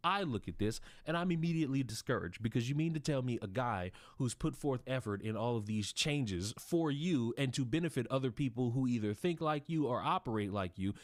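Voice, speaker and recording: A man giving measured, wordy commentary that turns sarcastic when he mimics others. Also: medium pitch, lively intonation, no echo.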